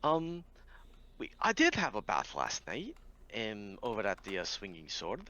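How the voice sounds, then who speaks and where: A man's voice: lowish voice, wildly swooping pitch, measured pace, sharp tone, highs cut off, heavily acted. A man voicing a big, bluff male adventurer with a burr, hearty and rambling politely.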